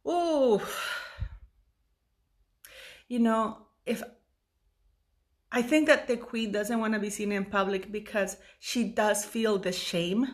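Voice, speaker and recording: A woman's voice: mid-range voice, slow, pauses often. A woman in her fifties giving a rambling, emotional commentary monologue, tired and full of restarts and fillers. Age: 50s. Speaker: YouTube commentator.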